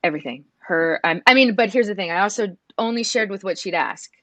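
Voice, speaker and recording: A woman in her thirties, a guest in an emotional interview, speaking softly and earnestly with many halting restarts. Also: medium pitch, expressive, no room sound. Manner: soft and earnest.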